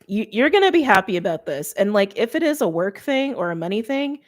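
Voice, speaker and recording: A woman giving a casual tarot reading straight to her viewers, chatty and informal, with quick laughs and lots of "like". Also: medium pitch, sing-song. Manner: talks straight to viewers by sign. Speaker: tarot reader.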